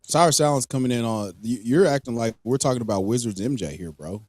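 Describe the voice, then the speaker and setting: A man co-hosting a live stream in casual chat, he rants with animated energy and swears freely. His voice sits at an ordinary middle pitch, and the sound is dry and close with no room echo. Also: fast. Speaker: podcast co-host. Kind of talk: casual fantasy football chat.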